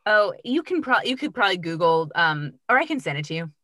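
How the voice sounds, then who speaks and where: A woman's voice: on the low side, sing-song, brisk, pushed and bright, dry recording. A woman guest on a podcast, chatting bubbly and freely about her voiceover work. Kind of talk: casual chat.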